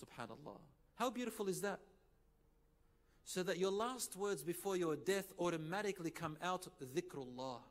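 A man delivering a sermon in English with Arabic phrases mixed in, telling stories and acting out the dialogue with sudden loud rises. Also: sits high, animated, moderate pace. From Lebanon. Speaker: preacher. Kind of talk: sermon with storytelling.

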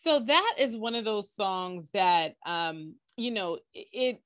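Woman co-host with a mid-range voice, measured, hesitant in casual chat. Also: mid-range voice, expressive, fairly bright tone, no echo, studio quality. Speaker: podcast co-host.

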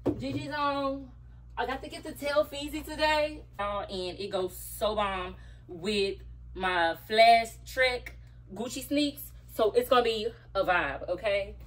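A woman's voice: on the high side, a bit bright. A young adult woman vlogging, chatting to her viewers in a casual, slangy way while she gets ready. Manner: chatty, slangy, talks straight to viewers as y'all. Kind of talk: casual get-ready-with-me chat.

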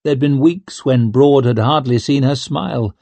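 A man reading an audiobook as narrator in a measured, even manner. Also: mid-range voice, vocal fry, no room sound. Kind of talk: scripted narration.

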